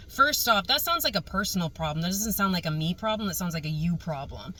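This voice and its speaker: Young woman, storytime rant, bright forceful voice, cussing, exasperated. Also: medium pitch, a little fast, hardly any pauses, poor audio. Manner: animated, swears freely, exasperated asides. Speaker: vlogger.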